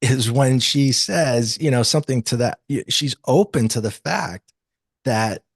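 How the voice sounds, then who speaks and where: A man's voice: medium pitch, measured pace, vocal fry, breathy edge, no room sound, studio quality. A man, as an interview guest, telling a personal story in an earnest, confessional way and acting out the dialogue.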